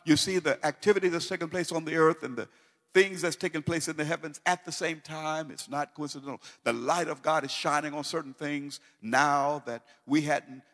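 A man preaching a sermon, moving from calm teaching to loud, fervent declarations full of repetition. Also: a little high, long reverb tail.

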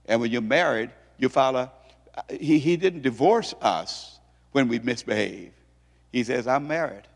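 A male pastor preaching an emphatic sermon, firing off rhetorical questions as his voice swings high and low. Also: expressive, measured pace, vocal fry. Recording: long hall reverb.

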